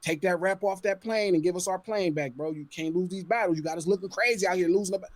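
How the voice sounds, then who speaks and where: A man's voice: high-pitched, fast talker, dry recording, voice pushed down, natural voice. A man putting on the voice of a smug male record label executive, sarcastic and mocking.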